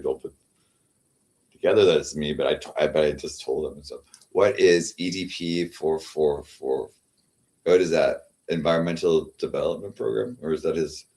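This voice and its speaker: Deep-voiced man rambling on a livestream. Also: a little mellow. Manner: halting, repeats words, trails off. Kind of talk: rambling casual livestream chat.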